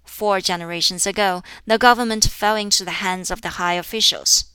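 A woman narrates an audiobook of an old classic in a steady, deliberate reading. Her voice is bright and ringing, clean and smooth, and the sound is dry with no room around it. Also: medium pitch, no echo. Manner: measured, deliberate reading, with dialogue read near her own voice. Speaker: audiobook reader. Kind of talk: scripted narration of a classic text.

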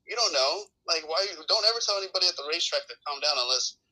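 A man with a very bright, forward voice talks sports on a podcast panel. He tells his stories with animated, salty energy, swearing freely as he rants. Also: on the high side, fast talker, rough recording. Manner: animated, profane storytelling. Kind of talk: casual sports talk.

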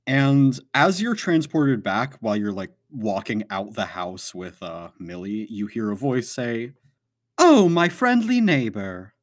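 A man narrating a tabletop game as game master, hesitant and full of fillers but animated. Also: fairly low pitch, measured pace, hardly any pauses.

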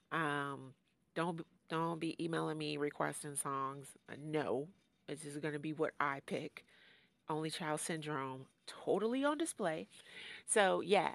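A woman's voice: deep voice, fairly bright tone, no echo. A middle-aged American woman hosting her own podcast, talking in a playful, self-mocking way and laughing at her own jokes. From United States. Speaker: podcast host. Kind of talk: casual solo podcast intro.

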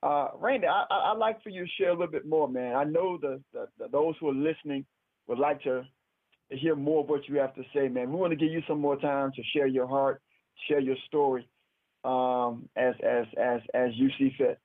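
Encouraging host on a tinny phone line. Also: male voice, medium pitch, normal speed, no echo. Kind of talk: hosting a call-in broadcast.

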